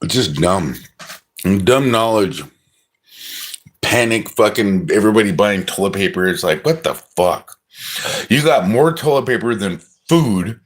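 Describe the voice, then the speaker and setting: A man's voice: fairly low pitch, animated, measured pace. A middle-aged man ranting profanely on a livestream, agitated and scoffing. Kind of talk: ranting monologue.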